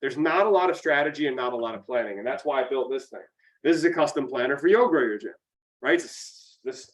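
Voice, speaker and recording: A man's voice: mid-range voice, recorded from a distance, poor audio. A man with an upstate New York accent, a podcast guest and business coach talking in a blunt, emphatic, profane way in casual motivational chat. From central New York.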